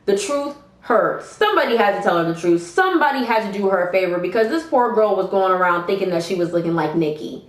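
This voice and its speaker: A young woman tells a wild story to her viewers in a lively, expressive voice that swings up and down in pitch. She swears freely and speaks casually and directly, in a roomy, echoey space. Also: fast talker, hardly any pauses. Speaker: vlogger. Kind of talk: storytime vlog, casual retelling. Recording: roomy echo.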